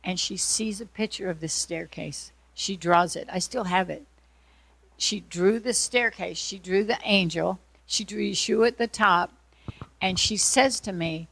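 A woman from Georgia leads a teaching session, working through a manual and illustrating points with stories. Her mid-pitched voice carries a gravelly edge, and she slips into other people's voices as she tells them. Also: measured pace, no room sound. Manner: animated storyteller, acts out voices in anecdotes. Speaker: prayer ministry teacher.

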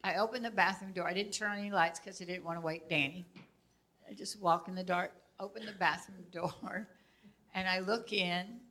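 An older woman with a bright, forward voice teaches casually. She tells stories from her own life, animated and quick to laugh. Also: fairly low pitch. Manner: animated storyteller, laughs often.

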